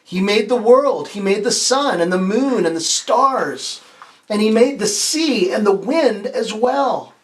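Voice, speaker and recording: A man's voice: high-pitched, animated, slow pace. A man, a pastor, reading a children's picture book aloud with playful asides, asking the kids questions and having them repeat lines. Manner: playful asides, some stumbles and restarts. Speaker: pastor hosting a kids' story time.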